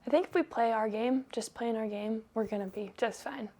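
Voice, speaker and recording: A young woman, a college softball player, giving relaxed short answers in a casual interview and laughing often. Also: a little high, fairly quick.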